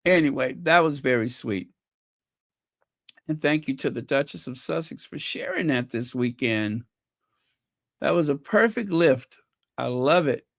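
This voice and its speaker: A woman's voice: very deep voice, expressive, unhurried, vocal fry, long pauses, no echo, clean studio sound. A woman hosting a fan channel livestream, chatting casually, thinking aloud and reading out viewer comments. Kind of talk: casual chat reacting to clips and viewer comments.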